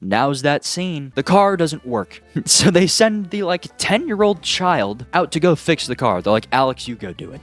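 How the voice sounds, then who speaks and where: A man recapping a film in a casual, exasperated and sarcastic way, often pausing to ask "okay?". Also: medium pitch. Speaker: movie reviewer.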